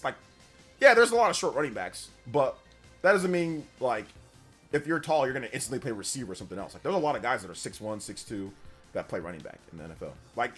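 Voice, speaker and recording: Lively man hosting a gaming livestream. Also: a little high, husky. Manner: animated storyteller, laughs often, answers chat questions. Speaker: gaming news livestream host. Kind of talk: casual livestream chat.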